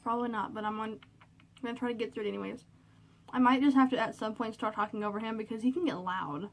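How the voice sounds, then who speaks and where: A woman's voice: a little high, fast, a little hiss or hum. A woman vlogging alone in her bedroom into a cell phone, chatty and rambling with lots of fillers, a little nervous. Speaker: vlogger reviewing a movie. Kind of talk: casual chat.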